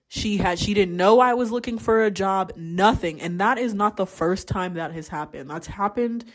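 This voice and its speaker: A young adult woman hosting a casual mental health check-in, telling stories candidly and swearing freely. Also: mid-range voice. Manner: candid storytelling, acts out quoted voices. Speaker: podcast host; teacher.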